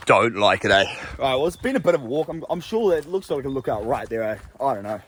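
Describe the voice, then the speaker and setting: An Australian man vlogging casually outdoors on a bush walk, swearing and getting excited, recorded on a handheld camera. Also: medium pitch, fast, slight background noise. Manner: sweary, excitable, shouts to test the echo. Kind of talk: casual vlog chat while hiking.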